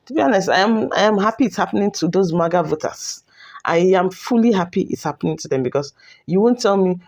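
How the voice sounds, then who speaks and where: A woman's voice: mid-range voice, a little mellow. A woman hosting a commentary channel, scolding and mocking with lots of repetition. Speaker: commentary host. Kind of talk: opinionated commentary.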